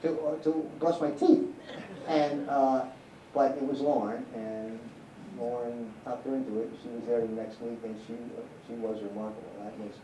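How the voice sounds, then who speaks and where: A man's voice: medium pitch, little pitch movement, moderate pace, warm tone, recorded from a distance, slight background noise. A man directing a live Q&A, answering audience questions with rambling, candid anecdotes and frequent restarts in a cinema hall.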